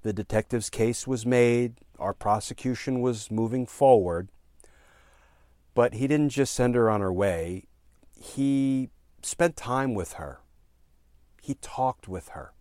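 A man's voice: medium pitch, slow pace, darkish tone, dry recording, clean studio sound. A man, a former prosecutor, telling a courtroom story in an earnest speech on policing, with many fillers and emphatic repeated phrases.

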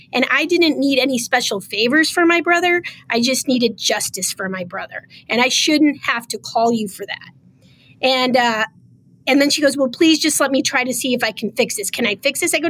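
A woman guest on a podcast, emotional as she tells a story in conversation and acts out the quoted lines. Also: high-pitched. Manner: animated, acts out quoted dialogue. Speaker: podcast guest, state official.

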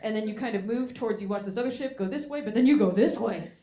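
A woman's voice: mid-range voice, fast talker, warm tone. Giggly woman telling a story. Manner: giggly, breaks into laughter. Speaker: panelist. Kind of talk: animated storytelling. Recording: roomy live room sound.

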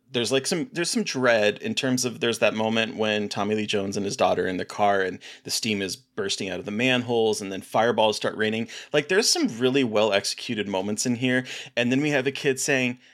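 A man's voice: on the low side, fairly bright tone. A man co-hosting a casual movie review podcast, hesitant and repeating words as he thinks. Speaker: podcast co-host.

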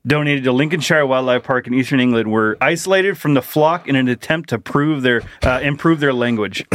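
A man's voice: medium pitch, moderate pace, a bit bright, no echo, studio quality. A man co-hosting a crude comedy podcast, reading odd news stories aloud and laughing through them. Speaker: podcast co-host.

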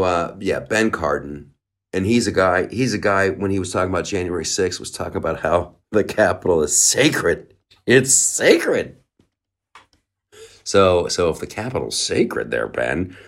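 A man's voice: deep voice, fairly bright tone. A man hosting a podcast, riffing in a loose comedic monologue full of restarts and mocking asides. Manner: rambling, lots of uh fillers and restarts, mocking. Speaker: podcast host. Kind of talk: casual comedic commentary.

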